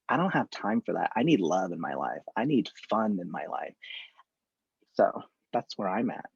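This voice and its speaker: A man talking as a therapist in a live online conversation, candid and animated, acting out examples from his work. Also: mid-range voice, gravelly, breathy edge, dry recording, dull audio.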